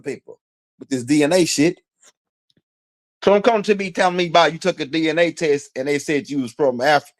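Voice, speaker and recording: Here the voice is fairly high and brisk. It's a direct-address commentary monologue, loose and slangy with fillers, where he keeps challenging his target through repeated rhetorical questions.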